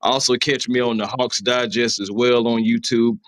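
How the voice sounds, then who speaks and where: A man's voice: medium pitch, steady tone, moderate pace, fairly bright tone, no room sound. A man guesting on a sports podcast, upbeat and giggly as he plugs his channels. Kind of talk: casual podcast chat.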